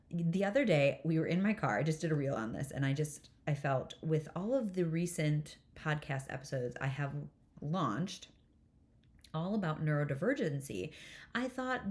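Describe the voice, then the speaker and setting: A woman with a low, somewhat dark voice and lively intonation hosts a solo podcast at a normal pace. She's a nervous system coach, and she tells a candid parenting story in a chatty, self-deprecating way, laughing often and swearing casually.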